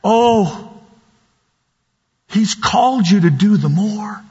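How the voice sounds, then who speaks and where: A man preaching a sermon in a church hall, slow and emphatic, repeating key words. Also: high voice, lively intonation, a bit bright, husky. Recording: dull sound with long hall reverb.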